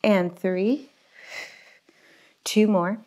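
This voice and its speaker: A woman's voice: mid-range voice, fairly even intonation, very slow, a little mellow. A young woman teaching a home pilates and barre class on a lapel mic, upbeat and encouraging as she counts reps. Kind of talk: cueing a home workout class. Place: home workout space. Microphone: lapel mic pack.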